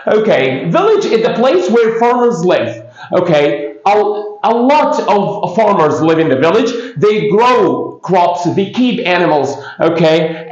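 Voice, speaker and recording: A man with an Egyptian accent teaching an English lesson to young pupils, saying "okay" constantly and drilling words for them to repeat. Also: sits high. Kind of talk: classroom-style English lesson. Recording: echoey room, dull lo-fi sound.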